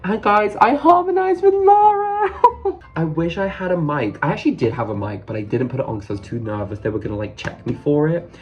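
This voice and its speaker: A British man in his late twenties telling a story in a casual vlog, excitable and gushing, with lots of "like" fillers. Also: mid-range voice, fast, hardly any pauses, lo-fi sound. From Britain. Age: 20s. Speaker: vlogger.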